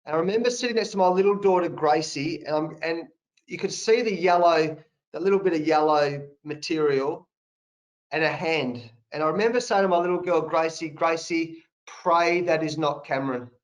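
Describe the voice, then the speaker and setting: A man in his fifties with an Australian accent and a sore throat, telling lively anecdotes full of slang as a guest on a video call. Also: a little high, brisk, poor audio. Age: 50s. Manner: animated anecdotes with colloquial slang. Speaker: guest, national cricket coach. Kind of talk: conversational storytelling.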